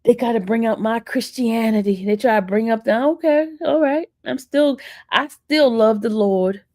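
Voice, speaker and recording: With a warm tone on the high side and a normal speed, a woman hosts a casual livestream, sassing and teasing her chat and talking back to it. She comes from the northern US and speaks with an East Coast American accent. The audio is studio quality with no echo.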